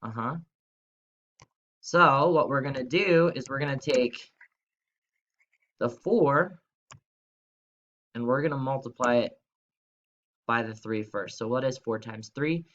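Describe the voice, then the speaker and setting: An upbeat young man teaches schoolchildren in a video lesson and speaks directly to them in a friendly, chatty way. His voice sits at a middle pitch. The audio is a little dull and lo-fi. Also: slow, long pauses, a bit bright. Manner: upbeat, chatty, talks straight to kids. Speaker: third-grade teacher.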